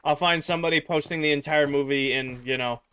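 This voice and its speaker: Young male game streamer, slightly higher voice, rambling chat, going a bit hoarse. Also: steady tone, fairly quick, a bit bright, slight background noise. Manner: rambling, filler-heavy, answering chat. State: losing his voice. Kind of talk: casual livestream chat with viewers.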